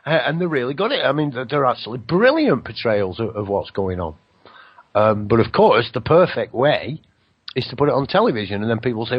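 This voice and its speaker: A husky-voiced man talks on his radio show, his pitch rising and falling in lively swings. He rambles through spiritual musings, drops the odd swear word and mocks other people's voices. The broadcast sounds dull and lo-fi. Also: moderate pace.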